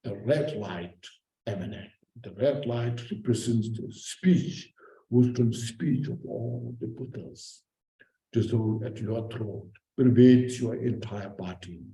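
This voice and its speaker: A man giving a Buddhist dharma teaching in short, halting phrases, often repeating words. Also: mid-range voice, mellow, echoey room, low-quality recording.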